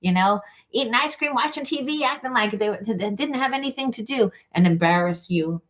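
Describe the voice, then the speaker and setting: Woman putting on a shrill scolding mother. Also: expressive, moderate pace, lightly acted. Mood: mocking. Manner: mocking, accusing. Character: scolding mother shaming her child in public.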